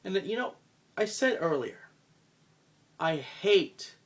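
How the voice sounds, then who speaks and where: A man cutting a scripted wrestling promo as a roleplayer, profane and contemptuous, swinging from low mutters to loud outbursts. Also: sing-song, slow pace.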